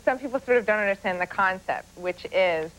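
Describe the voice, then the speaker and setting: A woman's voice: medium pitch, brisk, a bit bright, rough recording. A woman in her twenties, a guest on a late-night talk show, talking hesitantly with restarts and laughs. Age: 20s. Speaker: actress guest. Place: TV studio.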